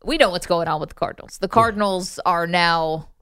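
A woman's voice: fairly low pitch, fairly quick, fairly bright tone, clear, resonant tone, no echo, clean studio sound. A woman co-hosting a sports talk radio show, upbeat and playful in casual banter.

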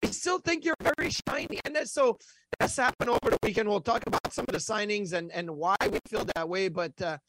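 A man's voice: sits high, fairly even intonation, brisk, heavy background noise. A man co-hosting a casual sports talk show, rambling with many fillers and restarts. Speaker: hockey podcast co-host.

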